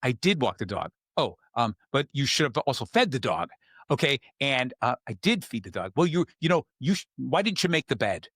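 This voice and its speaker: A man's voice: mid-range voice, very animated, fairly quick, a bit bright, breathy edge, no room sound, clean studio sound. A man hosting a podcast, explaining in casual chat with acted-out examples and plenty of fillers. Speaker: podcast host.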